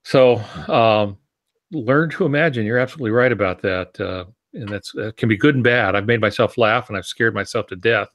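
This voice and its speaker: Low-voiced man telling reflective stories. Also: fairly quick, a bit bright. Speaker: novelist and podcast co-host. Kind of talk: casual podcast chat about writing.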